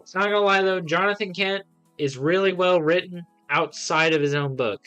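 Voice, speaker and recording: A man's voice: high voice, moderate pace, sharp tone, clear, resonant tone, soft background music. A man casually reviewing comics on a livestream, rambling through plot recaps with lots of fillers and giving blunt, scornful verdicts.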